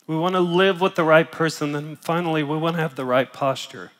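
A middle-aged male pastor preaches to a large room, his voice strained from pain and broken by coughs and throat-clearing. He sits a little high for a man and swings from soft, close phrases to loud emphatic bursts. Long reverb from the hall trails behind each line. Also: steady tone, fairly quick. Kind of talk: sermon. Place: large church auditorium.

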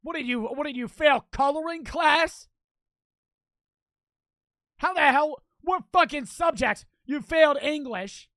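A young man streaming a reaction, ranting loudly and profanely while mocking what he watches. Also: very high voice, unhurried, long pauses, dry recording. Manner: loud, profane, mocking rants. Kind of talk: crude live-stream reaction commentary.

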